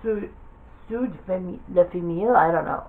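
Woman, lowish voice, offhand rambling game commentary, thinking aloud. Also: normal speed, phone-quality sound. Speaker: gaming video creator. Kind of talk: casual commentary while browsing a game.

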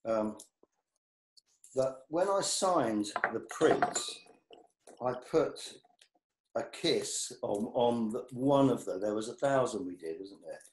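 A man's voice: medium pitch, lively intonation, slow pace, long pauses, a little mellow, a little hiss or hum. A man chatting casually and rambling self-deprecatingly as he unboxes his own box set. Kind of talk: casual chat. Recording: roomy echo.

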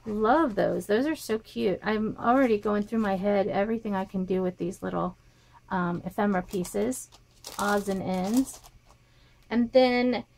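A woman showing paper crafting supplies in a casual haul video, naming each piece and gushing over how cute they are. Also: mid-range voice. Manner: reads items aloud, gushing softly. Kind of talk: casual show-and-tell haul.

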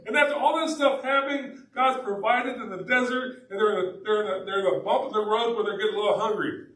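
A man preaching a sermon as pastor, telling the story in a casual, animated way. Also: high voice, fast. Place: church sanctuary. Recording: echoey church from a distance.

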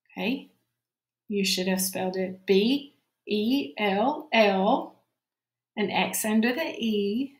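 Slow, careful woman teacher, echoey room. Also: mid-range voice. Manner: slow, clear dictation, repeating each word. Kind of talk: spelling lesson for young children.

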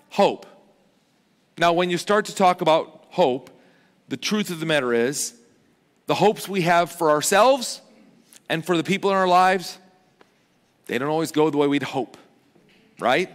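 High-voiced pastor guy joking around mid-sermon, big reverby church hall. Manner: chatty and joking, with lively swings in pitch and loudness. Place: large church auditorium.

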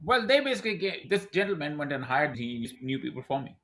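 Fast-talking animated male guest. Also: fairly high pitch. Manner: animated storyteller who acts out quoted dialogue. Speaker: podcast guest, e-commerce brand owner. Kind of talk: casual interview talk.

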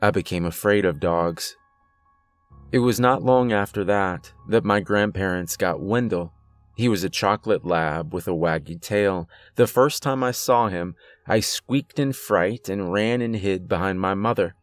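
A man narrating a horror story in a measured storytelling manner. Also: low voice, no echo, soft background music.

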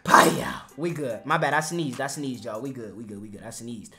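A young man doing casual, slangy commentary over his basketball video game, trash-talking and sometimes shouting or singing. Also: mid-range voice, moderate pace. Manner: hyped slangy trash talk, sings and shouts over play. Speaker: gaming YouTuber.

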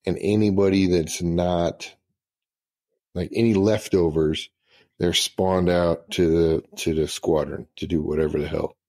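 A man's voice: low voice, steady tone, a little slow, a little mellow. A middle-aged man, a retired senior master sergeant, telling profane, laughing anecdotes in casual storytelling.

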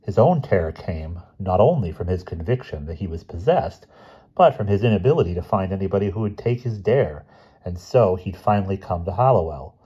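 Calm and measured, a male audiobook reader voices a short story aloud with a very low, husky tone, captured in dull lo-fi sound.

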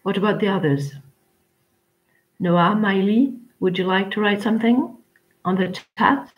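A woman teaching an English class online, chatty and rambling, with frequent pauses as she talks to her students. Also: medium pitch, dull audio.

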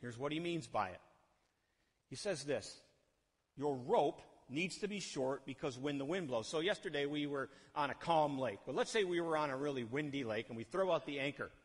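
A male pastor preaching a sermon, lively and animated, often asking the congregation questions and acting out the people he quotes. His voice sits a little high for a man. It rings out with a long reverb in a church hall. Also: normal speed, slightly rough. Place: church sanctuary.

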